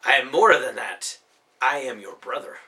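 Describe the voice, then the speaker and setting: A man's voice: mid-range voice, expressive, normal speed, pushed and bright. A man voicing a small, loyal elf-like man who speaks in a formal, old-fashioned way. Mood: earnest.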